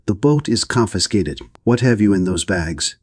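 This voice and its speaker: A man's voice: lowish voice, expressive, moderate pace, a little mellow, husky, no room sound, clean studio sound. A man reading a stiff, formal border officer.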